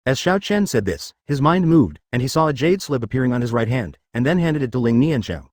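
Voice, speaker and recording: Man narrating a web novel, lively pitch. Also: fairly quick, few pauses, no room sound, clean studio sound. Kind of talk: web novel read-aloud.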